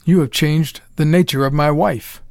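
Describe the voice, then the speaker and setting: A man's voice: fairly high pitch, fairly even intonation, moderate pace, a little mellow, clear, resonant tone, dry recording, studio quality, natural voice. A man voicing a desperate, cornered male hero who speaks in an urgent, strained way.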